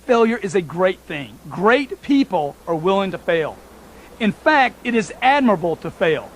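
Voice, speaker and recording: A man's voice: high voice, sing-song, normal speed, a little hiss or hum. A man giving a motivational talk, emphatic and repetitive, speaking straight to his listeners as folks.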